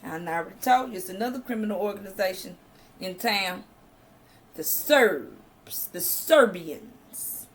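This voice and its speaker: A woman's voice: mid-range voice, moderate pace. Southern woman reviewer, casual recap, emphatic, mid-range voice, lots of fillers. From American South. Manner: chatty and emphatic, with frequent fillers and slang. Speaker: TV show reviewer.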